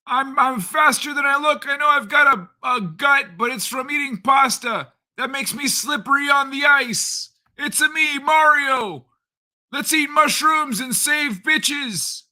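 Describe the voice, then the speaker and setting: Man doing a goofy high plumber impression, loud and bright, pure ham. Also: a little slow, exaggerated voice. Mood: playful. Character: goofy Italian plumber, cheerful, high and bouncy.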